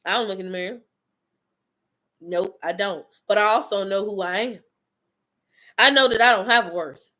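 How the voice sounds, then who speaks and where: Blunt, bright-voiced woman preaching tough love. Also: medium pitch, moderate pace, long pauses. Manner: blunt, profane, preachy, calls out the listener directly. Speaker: motivational speaker. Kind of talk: fiery motivational monologue to viewers.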